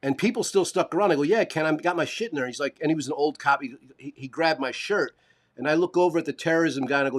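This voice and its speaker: Animated swearing man telling a story. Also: on the high side, fast. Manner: animated, swearing, acts out quoted voices. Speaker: podcast co-host. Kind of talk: casual storytelling chat.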